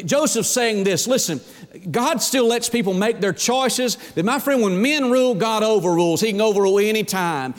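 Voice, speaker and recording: High-voiced preacher in a reverberant hall. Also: male voice. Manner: preaching with emphatic, rising and falling delivery. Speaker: pastor. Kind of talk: sermon.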